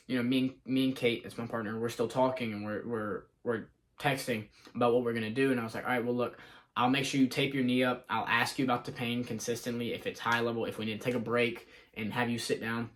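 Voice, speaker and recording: A man's voice: medium pitch, flat delivery, fairly quick. A young man rambling in a casual vlog, scatterbrained and retelling his conversations as he talks about his day. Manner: scatterbrained, quotes himself and others in conversation. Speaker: vlogger. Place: in a car.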